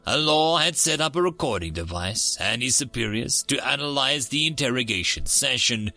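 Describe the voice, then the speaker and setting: A man hosting and narrating science fiction stories in a theatrical, expressive way. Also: medium pitch, dry recording. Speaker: story narrator and channel host. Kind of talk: scripted sci-fi story narration.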